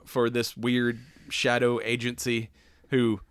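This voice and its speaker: A man's voice: medium pitch, completely flat delivery, takes it slowly, clear, resonant tone, no echo. A man co-hosting a podcast, chatting casually and retelling movie scenes with lots of swearing and laughter. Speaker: podcast co-host. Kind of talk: casual chat.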